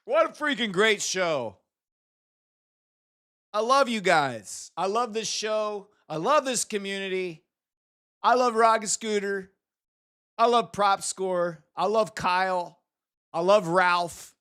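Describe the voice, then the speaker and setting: A man's voice: high voice, slow, sharp tone, smooth, no echo, clean studio sound. A man hosting a live stream, teasing and mock-scolding a viewer in casual chat banter. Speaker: livestream host.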